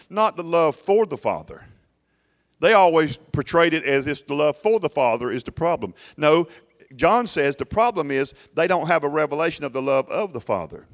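A man delivers a sermon in a church sanctuary, his voice sitting somewhat high for a man. He talks straight to his congregation, repeating phrases and pausing to press a point. A long hall reverb trails his words. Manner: emphatic, conversational preaching with repeated phrases and audience asides. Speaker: pastor.

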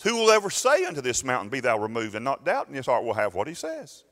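A man's voice: mid-range voice, huge pitch swings, fast talker, a bit bright. A man preaching a sermon as pastor, retelling a story and acting out its voices. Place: church sanctuary. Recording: long reverb in a church hall.

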